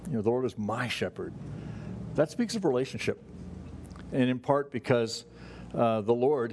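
A man's voice: medium pitch, darkish tone, a little hiss or hum. A man preaching a sermon as pastor, talking in a conversational way with many fillers and restarts. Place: church sanctuary.

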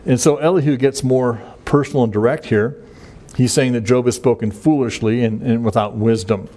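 A man gives a verse-by-verse Bible teaching in a relaxed, conversational voice. He talks in a halting way, with many fillers and restarts. His pitch sits in an ordinary middle range.

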